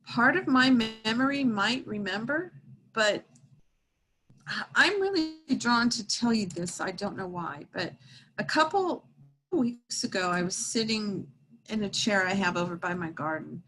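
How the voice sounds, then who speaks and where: Middle-aged woman, medium, slow earnest delivery, a bit high-pitched, faint background hiss, video call. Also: a bit bright, low-quality recording. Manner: earnest, heartfelt, slow and reassuring. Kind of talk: emotional storytelling to a support group.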